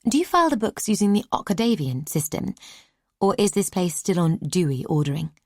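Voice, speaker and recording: Eager, pushy young nun-in-training in a fantasy audiobook, pitched up, put on by a woman narrator. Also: very animated, darkish tone, no echo, clean studio sound. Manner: brisk, insistent questioning.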